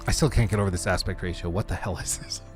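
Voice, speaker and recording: A man giving casual livestream commentary on a game demo, animated and joking with laughing asides. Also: low-pitched, fast, soft background music. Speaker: streamer reacting to a game demo.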